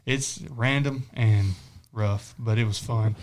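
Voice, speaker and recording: A man's voice: mid-range voice, steady tone, slow pace, darkish tone. Man, casual podcast chat, laid-back, laughs a lot. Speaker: podcast co-host.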